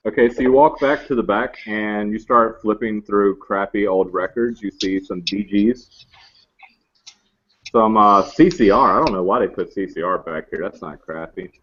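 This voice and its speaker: A man's voice: fairly low pitch, moderate pace, a bit bright. Rambling male game master. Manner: rambling, self-correcting, joking. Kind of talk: narrating a tabletop game. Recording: muffled lo-fi recording.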